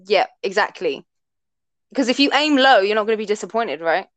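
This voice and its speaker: A woman's voice: medium pitch, lively intonation, brisk, dry recording. A young woman co-hosting a podcast, chatting casually and playfully, swearing a lot. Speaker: podcast co-host. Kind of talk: casual chat.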